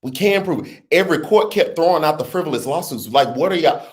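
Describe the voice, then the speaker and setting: A middle-aged man with a New Orleans accent, talking casually to camera about politics, with lively rhetorical questions and teasing asides. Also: on the high side, fairly quick. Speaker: political commentary vlogger. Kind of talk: casual explainer vlog.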